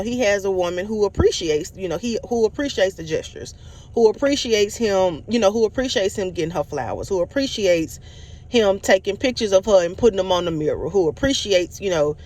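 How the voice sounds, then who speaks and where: A woman's voice: mid-range voice, lively intonation, fairly quick, darkish tone. A woman giving a casual recap of a TV episode, rambling with lots of restarts and acting out quotes from the characters. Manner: rambling, many restarts and fillers, acts out quotes. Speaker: TV show reviewer.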